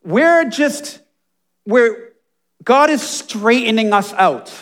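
Guy with a really high voice preaching, fired up, goes quiet then loud. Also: animated, takes it slowly. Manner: passionate, swings from hushed asides to emphatic near-shouting. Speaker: pastor. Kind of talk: sermon.

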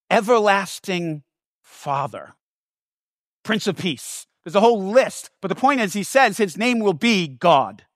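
Male preacher, high voice, dry close sound; animated and emphatic, casual asides. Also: dry recording. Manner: animated, emphatic, repeats words for stress. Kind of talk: sermon.

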